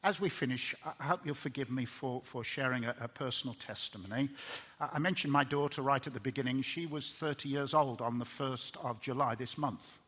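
A middle-aged man preaching a sermon in an earnest way, often restarting words and swinging from loud emphasis to hushed tones. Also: medium pitch, a little fast.

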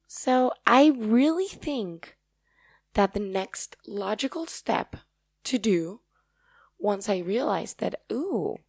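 Slow, gravelly Paraguayan woman. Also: mid-range voice, darkish tone, no echo. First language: Spanish. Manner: rambling, earnest and effusive. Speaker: podcast host. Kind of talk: casual solo talk.

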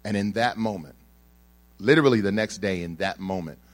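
A man's voice: lowish voice, moderate pace. A young man telling a personal story to an audience, acting out the people in it and joking with the crowd. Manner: animated storyteller who acts out the people in his story and jokes with the crowd.

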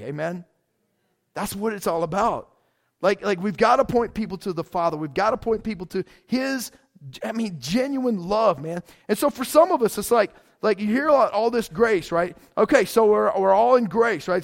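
High-voiced casual preaching man. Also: animated, moderate pace, creaky. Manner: conversational, says "man" and "like" often, many restarts; swings between loud emphatic bursts and quiet asides. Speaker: pastor. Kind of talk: casual sermon.

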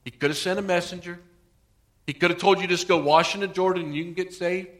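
Man, pastor, sermon, bright forceful tone, dramatized quotes. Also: high voice, steady tone, quick pace. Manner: preaching with dramatized quotes, swings from soft to loud.

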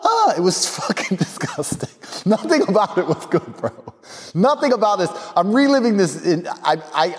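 A man's voice: medium pitch, in a large hall. A man hosting a podcast, telling a casual story bluntly and crudely, breaking into impressions. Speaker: podcast host. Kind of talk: casual anecdote.

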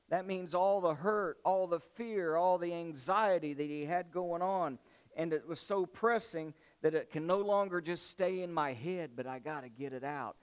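A man preaching a sermon, rising into loud impassioned swells and then dropping back to a quieter, conversational tone. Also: a little high, moderate pace, clean tone. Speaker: pastor.

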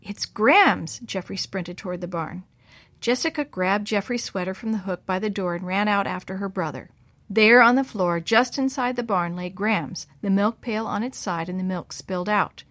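A woman's voice: medium pitch, moderate pace, a bit bright, no room sound. Woman reading a children's story, dry sound.

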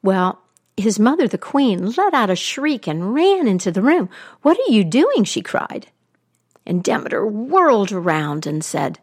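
A woman storyteller retelling a myth aloud with an expressive, animated delivery. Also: on the low side.

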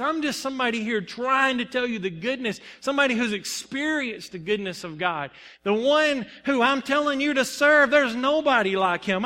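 Bright-voiced young male preacher, reverberant hall. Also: very high voice. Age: young adult. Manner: earnest, personal storytelling with bursts of emphasis. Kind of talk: sermon. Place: church sanctuary.

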